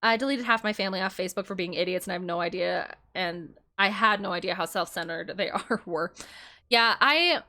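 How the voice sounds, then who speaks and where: A woman's voice: on the low side, pushed and bright. A young woman streamer talking casually while she plays, ranting heatedly and swearing often. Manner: heated, swearing, quick to anger.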